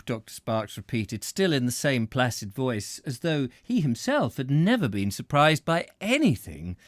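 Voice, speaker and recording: A man narrating a novel aloud in an expressive way, with occasional slips. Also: mid-range voice, a little slow, few pauses, no echo, clean studio sound. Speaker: audiobook reader.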